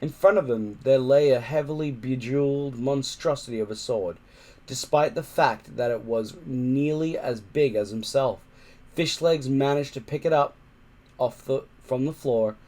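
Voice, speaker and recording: A man reading a children's book aloud, careful and measured, with small slips he corrects. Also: medium pitch, a little mellow. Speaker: reader.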